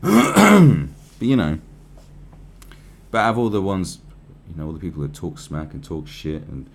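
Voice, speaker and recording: A man's voice: rumbling low, a little fast, a little hiss or hum. A man giving profane, rambling, sarcastic commentary on a news article.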